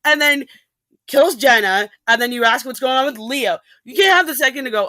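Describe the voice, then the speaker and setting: A woman ranting animatedly in a casual podcast chat, with quick asides and restarts. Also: on the high side, pushed and bright, no echo. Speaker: podcast guest.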